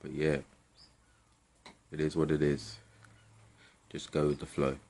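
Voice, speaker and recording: Brief: young man, low voice, vlog rant, sweary and rambling, exasperated. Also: monotone, takes it slowly, gravelly, darkish tone. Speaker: vlogger. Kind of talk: casual rant to camera.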